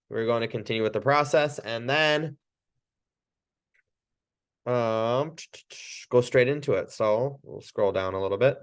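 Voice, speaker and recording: A man's voice: medium pitch, a little slow, pauses often, smooth. A man teaching a casual training session, talking loosely with restarts and short laughs. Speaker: chiropractic trainer.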